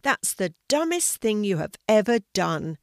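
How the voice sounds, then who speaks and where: A woman's voice: on the low side, animated, moderate pace, no echo, clean studio sound, lightly acted. A woman doing a mean, bossy squirrel brother. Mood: shouting. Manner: sharp, scolding.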